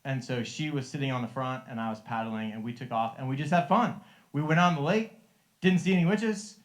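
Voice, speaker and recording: A middle-aged man with a voice a little higher than most men's tells a faith story to a live group. He is earnest and chuckles often, stumbling over restarts as he speaks. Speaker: Christian life coach sharing a testimony.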